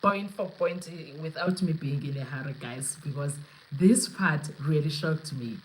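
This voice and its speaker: A woman's voice: sits low, measured pace, a little hiss or hum, rough recording. A young South African woman hosting a live podcast, talking casually and animatedly, switching between English and Zulu and laughing often. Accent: South African, mixing in Zulu. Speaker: podcast host. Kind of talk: casual live-stream commentary.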